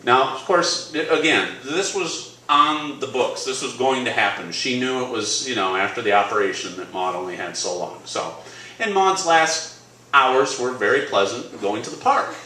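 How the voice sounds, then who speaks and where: A man's voice: medium pitch, lively intonation, moderate pace, bright, forceful tone, slight background noise. A man telling a personal story live on a cafe stage, casual, rambling and self-deprecating. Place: cafe stage before an audience. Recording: echoey room, distant mic, crowd ambience.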